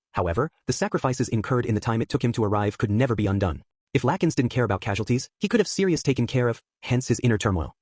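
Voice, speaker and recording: Brisk, husky male audiobook narrator. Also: medium pitch, a little mellow, no room sound, studio quality. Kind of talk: scripted narration.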